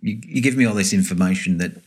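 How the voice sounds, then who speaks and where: A man's voice: sits low, fast, slightly rough. An Australian man co-hosting a casual podcast, blunt and teasing, full of slang. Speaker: podcast co-host. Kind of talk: casual chat.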